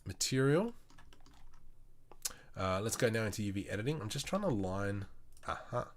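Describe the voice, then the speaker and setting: A man's voice: fairly low pitch, very animated, moderate pace, a little hiss or hum. An Australian man live-streaming his 3D work, chatting with viewers and thinking aloud as he works. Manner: chatty, thinks aloud, mutters while working. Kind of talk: casual live-stream tutorial.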